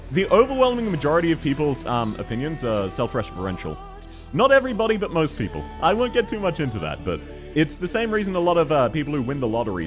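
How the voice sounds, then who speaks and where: A young man, streaming a game and chatting casually, joking, laughing often and reading chat aloud. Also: mid-range voice. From Australia. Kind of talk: casual live-stream chat while gaming.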